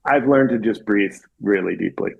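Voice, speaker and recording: A man's voice: lowish voice, normal speed, vocal fry, husky, narrow, tinny audio. A man guest on a podcast, chatting casually about his trade in a laid-back way and acting out his clients. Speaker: podcast guest, plaster contractor. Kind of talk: casual conversation.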